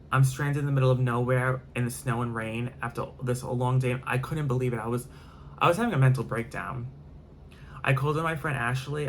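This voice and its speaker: A man recounting a storytime vlog in a loose, rambling way, piling up fillers and repeating himself, with casual swearing along the way. His pitch sits in an ordinary middle range, and a faint noise runs underneath. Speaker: vlogger.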